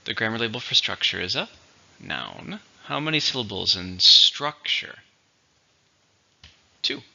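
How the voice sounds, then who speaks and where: A man teaching English vocabulary, explaining words slowly and clearly in a teacherly way. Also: lowish voice, expressive, bright, forceful tone, dull audio. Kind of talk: vocabulary lesson.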